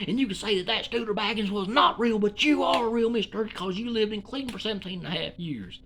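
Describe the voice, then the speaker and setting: A man's voice: high-pitched, animated, brisk, hardly any pauses, a bit bright, slight background noise. A man from Alabama with a Southern accent, delivering a rambling comedic monologue in a folksy, profane, meandering way.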